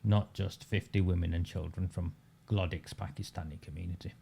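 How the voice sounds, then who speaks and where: A man's voice: low voice, steady tone, normal speed, vocal fry, warm tone, a little hiss or hum. A man delivering a combative, sarcastic political commentary monologue, full of rhetorical questions. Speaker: local political campaigner.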